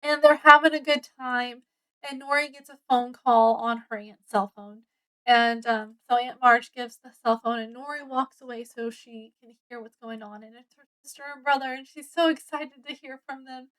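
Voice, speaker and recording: A woman's voice: on the high side, moderate pace, rough recording. A woman casually reviewing a book, retelling its plot in a rambling way with many ums and self-corrections. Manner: acts out characters' lines with excitement.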